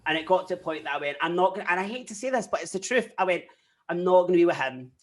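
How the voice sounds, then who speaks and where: A young adult guest with a Scottish accent, telling personal stories candidly in a casual interview, often quoting themselves and others. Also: male voice, high voice, rapid-fire. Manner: candid, animated storytelling with frequent quoted asides.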